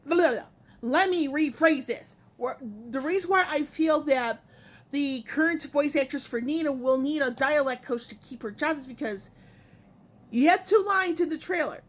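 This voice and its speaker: A woman hosting a casual gaming opinion vlog, talking in a rambling way and often stopping to correct herself. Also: sits high. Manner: rambling, self-correcting, many fillers. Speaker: gaming video host.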